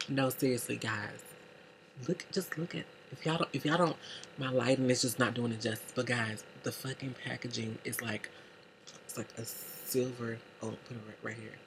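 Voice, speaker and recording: A man unboxing makeup for a casual beauty vlog, talking in a gushing, excitable way with heavy cursing. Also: mid-range voice, normal speed, noisy background. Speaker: beauty vlogger. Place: indoor room lit by a makeup light.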